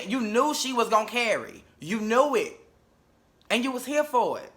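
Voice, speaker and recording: A man's voice: very high voice, big pitch swings, moderate pace, a bit bright. A young man giving a casual, sassy and blunt reality TV episode review, swearing freely.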